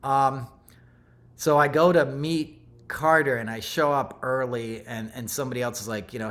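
A man's voice: mid-range voice, steady tone, moderate pace, fairly bright tone. A middle-aged man hosting a podcast, telling a story in a loose, rambling way with plenty of asides and self-corrections. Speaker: podcast host. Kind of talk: casual storytelling monologue.

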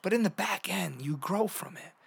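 A man hosting a motivational podcast, talking in an animated, playful way that jumps between hushed and loud. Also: sits high, normal speed, gravelly, breathy edge. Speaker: podcast host.

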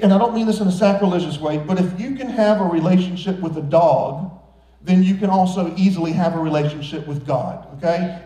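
A man's voice: sits high, dark tone, echoey room, low-quality recording. A man preaching a sermon as pastor of a church, earnest and exhorting, breaking in with playful jokes. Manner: playful, joking asides between earnest exhortations. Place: large church sanctuary.

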